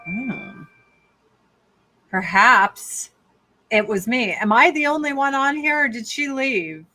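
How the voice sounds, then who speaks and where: Slow and animated, her voice is pitched on the high side and comes across pushed and bright. The speaker is an older woman at a rural home, appearing as a guest on a podcast via video call for a relaxed, candid, joking chat laced with swearing.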